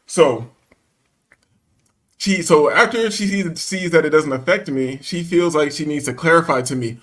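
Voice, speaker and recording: A man's voice: a little high, unhurried, a bit bright. A man telling a story in casual chat, acting out the quotes and laughing often, with profane slangy banter.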